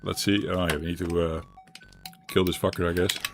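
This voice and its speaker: Very deep-voiced streamer rambling. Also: male voice, flat delivery, brisk, music in the background. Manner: rambling, thinking aloud with many restarts. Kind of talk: live-stream gameplay chat.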